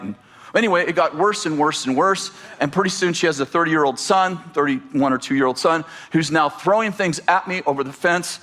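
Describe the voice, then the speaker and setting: High-voiced animated preacher man. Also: a little fast. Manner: animated, storytelling with humor and asides. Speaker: pastor. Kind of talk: sermon.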